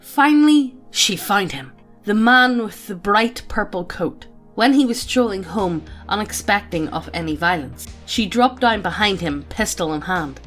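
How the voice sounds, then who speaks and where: A woman's voice: medium pitch, expressive, measured pace, a bit bright, faint music behind. Woman reading a backstory, laughing. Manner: laughs often, breaks off into giggles. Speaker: reader of a character backstory. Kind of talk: reading a backstory aloud with banter.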